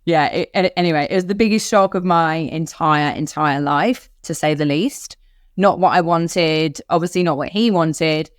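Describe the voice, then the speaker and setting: A woman's voice: low-pitched, moderate pace, no echo. Australian woman telling a story, dry close mic. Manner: animated, acts out quotes in other voices. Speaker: podcast co-host. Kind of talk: candid storytelling chat.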